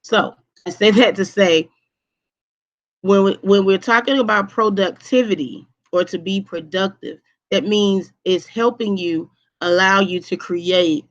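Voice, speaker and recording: A woman's voice: medium pitch, a little slow, muffled recording. A woman teacher giving a live online lesson to her students, repeating key points and checking in with "okay?". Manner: repetitive, emphatic, checks in with "okay?".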